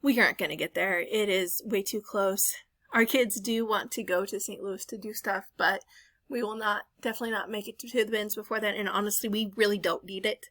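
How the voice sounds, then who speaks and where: A bright, forceful woman in her thirties talks through a thrift haul as a voice-over. She rambles in a friendly way, corrects herself mid-sentence and drops fillers. The sound is dry and close, with no room around it. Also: medium pitch, steady tone, brisk, no echo. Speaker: reseller vlogger. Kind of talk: casual voice-over chat.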